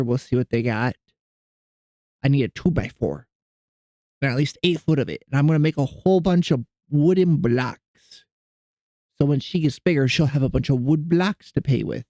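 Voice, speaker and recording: A man's voice: fairly high pitch, darkish tone, no echo. A man streaming and chatting casually with his viewers, rambling and self-deprecating as he greets people in chat.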